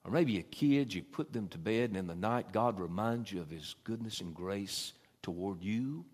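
A man preaching a sermon in a church, swelling loud and dropping soft. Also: on the low side, moderate pace, slightly rough. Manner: folksy Southern preaching, swells loud then drops soft. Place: church sanctuary.

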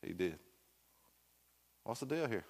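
A man's voice: lowish voice, sing-song, a little slow. A man teaching a Sunday school Bible class, asking the room questions and joking with his students in a folksy way. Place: church classroom.

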